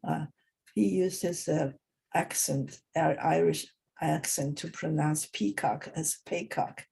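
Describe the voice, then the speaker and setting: A woman teaching an informal English lesson, talking in a halting way with many pauses and restarts. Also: deep voice, steady tone, gravelly, mellow, husky.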